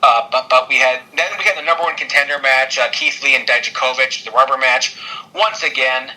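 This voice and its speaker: A man co-hosting a podcast, rambling excitedly through a wrestling recap with lots of fillers and laughter. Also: medium pitch, brisk, low-quality recording. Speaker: podcast co-host. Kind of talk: casual wrestling recap chat.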